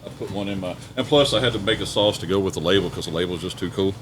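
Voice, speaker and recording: Low-voiced guy talking fast while he grills outside, easygoing, clear outdoor noise behind him. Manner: easygoing, explains his cooking. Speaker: pitmaster guest. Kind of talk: casual chat while cooking outdoors.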